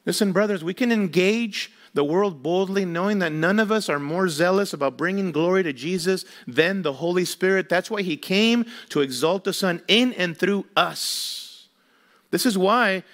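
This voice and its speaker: High-voiced man preaching a sermon. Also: a bit bright. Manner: emphatic preaching with rhetorical questions. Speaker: pastor.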